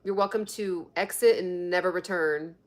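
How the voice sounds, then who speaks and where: On her health and fitness live stream, a woman chats casually in a lowish voice at a moderate pace. She laughs a lot and reads out comments from viewers.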